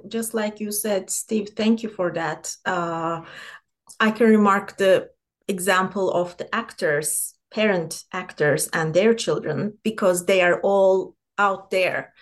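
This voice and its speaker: A woman takes part in a relaxed discussion, speaking slowly in a lowish voice. She gropes for her words in an informal, searching way. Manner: slow, searching, informal phrasing with light laughs. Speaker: discussion participant. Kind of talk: casual seminar discussion.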